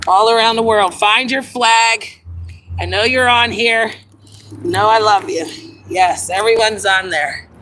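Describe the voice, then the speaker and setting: A woman with a bright, forceful voice chats casually to her livestream audience through a phone mic. She talks in a loose, animated way and greets viewers as they come in. Her pitch sits in the middle for a woman, and faint ambient noise is heard behind her. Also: a little slow, rough recording. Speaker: livestream host.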